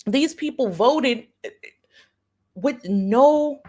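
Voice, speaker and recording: Speaking very slowly in a warm, high-sitting voice with lively intonation, a woman livestream host offers blunt political commentary full of profanity and sarcasm, repeating phrases to drive points home.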